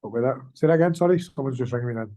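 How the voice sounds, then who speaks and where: A man's voice: medium pitch, animated, very fast, warm tone, poor audio. A man, an amateur fighter, chatting casually in an interview, rambling and swearing with lots of slang. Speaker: amateur MMA fighter, guest.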